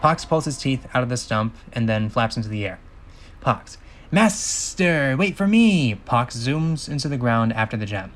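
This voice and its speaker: A man's voice: medium pitch, fairly quick, few pauses, fairly bright tone. A man reading a film script aloud as a channel host, with dry sarcastic asides.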